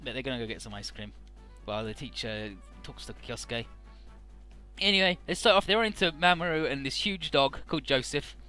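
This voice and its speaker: A man's voice: medium pitch, lively intonation, fairly quick, sharp tone, smooth, faint music behind. A man casually recapping a game's story in an offhand, profane, amused way, with frequent "uh"s.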